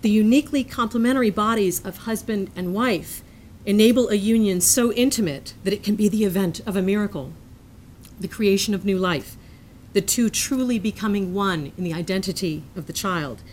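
Woman lecturer, reading prepared text, mid-pitched voice, earnest, measured, faint rumble behind. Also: a little mellow. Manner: measured and earnest, breaking into self-amused asides.

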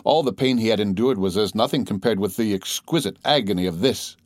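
A man reading an audiobook in measured, dramatic storytelling. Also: lowish voice, no echo, clean studio sound. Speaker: audiobook narrator. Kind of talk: scripted audiobook narration.

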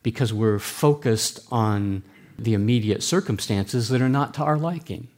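A man giving a sermon in a church, speaking. His delivery is earnest and deliberate, plain and explanatory. His voice sits fairly low. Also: darkish tone. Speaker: pastor.

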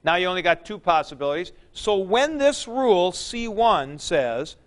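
Guy teaching greek grammar, pretty high voice, takes his time, keeps clearing his throat. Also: expressive, unhurried. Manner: asks questions then answers them himself, clears throat often; uses sports comparisons and jokes. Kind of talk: classroom lecture.

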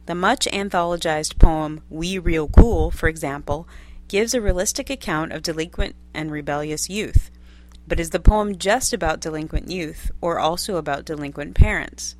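A woman reading a scripted literature lesson in a measured way, posing study questions one after another. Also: low voice. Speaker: lecturer reading course text.

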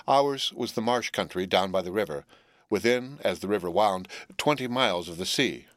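A man narrating a classic novel as an audiobook, with a measured, deliberate reading. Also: on the low side, lively intonation, fairly bright tone, dry recording, studio quality.

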